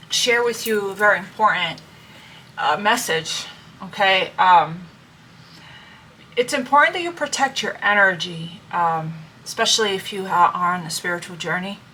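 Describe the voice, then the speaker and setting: A woman's voice: mid-range voice, a little slow, pauses often, sharp tone, slight background noise. A woman reading tarot and giving spiritual advice in a casual, earnest monologue, repeating herself and checking in with her listeners as family. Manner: earnest, repetitive, checks in with "okay?" and "right?". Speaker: tarot reader.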